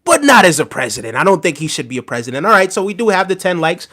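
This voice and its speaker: A man's voice: high voice, very animated, quick pace, a bit bright. A man casually chatting on a live stream about politics, mocking and talking straight to his viewers' messages. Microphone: desk microphone.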